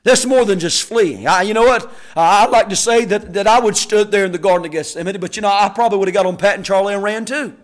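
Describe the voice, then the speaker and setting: A man preaching a sermon, shouting key words and stretching them out, then dropping to quiet, folksy asides with a laugh. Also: sits high, fast talker, hardly any pauses. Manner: drops to quiet folksy storytelling. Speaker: pastor.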